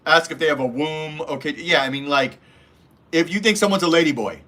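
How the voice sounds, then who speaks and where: A man's voice: a little high, fairly quick, pushed and bright. A man hosting a casual livestream, reading chat and giving blunt, profane dating advice. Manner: blunt, profane, mimics voices in anecdotes.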